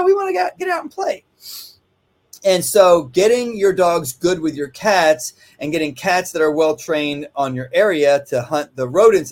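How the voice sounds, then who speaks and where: A man who trains dogs, talking casually and rambling, often tagging his sentences with "right?". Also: fairly high pitch. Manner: rambling, conversational, frequent "right?" asides. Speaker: dog trainer. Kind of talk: casual instructional talk. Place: kennel office.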